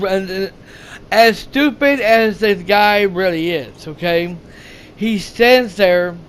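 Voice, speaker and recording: High-voiced man rambling through a movie plot. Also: a little hiss or hum. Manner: rambling, repetitive plot retelling with many "you know"s. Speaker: channel host reviewing a movie. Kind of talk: casual movie recap.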